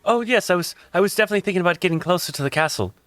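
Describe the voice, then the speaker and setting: Man doing a nervous haunted young lady, flustered, apologetic, a bit higher than his own voice, tabletop game. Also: expressive, racing, a bit bright. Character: haunted young woman, uneasy and distracted. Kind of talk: voicing a figure in a tabletop game.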